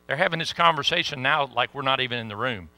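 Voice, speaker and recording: A middle-aged man telling a story in a sermon, folksy and animated. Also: mid-range voice, fast. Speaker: pastor.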